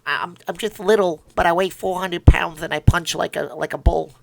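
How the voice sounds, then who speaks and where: A man doing a clumsy impression of a famous heavyweight boxer, halting and boastful with a lisp. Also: fairly high pitch, steady tone, gravelly, background noise, voice pushed up.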